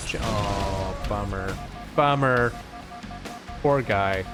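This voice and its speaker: A man hosting a let's play, giving rambling, casual gameplay commentary full of swearing and excitable outbursts. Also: fairly low pitch, drawn-out words. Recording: game music in background.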